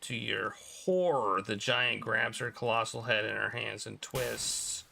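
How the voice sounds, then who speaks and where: A man's voice: fairly low pitch, unhurried, vocal fry, sharp tone, slight background noise. A man reading a game's story text aloud as a let's play host, with dramatic voiced reactions.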